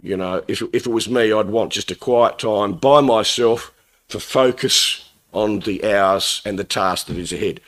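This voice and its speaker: A man's voice: fairly low pitch, a little slow, fairly bright tone. A middle-aged man giving a Bible talk to his congregation, earnest and conversational, quoting scripture and translations. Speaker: lay preacher. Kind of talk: Bible talk, thought for the day.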